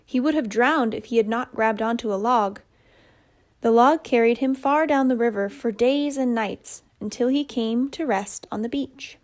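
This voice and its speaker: Woman reading a kids story, calm and gentle, kinda high voice. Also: moderate pace. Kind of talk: children's story narration.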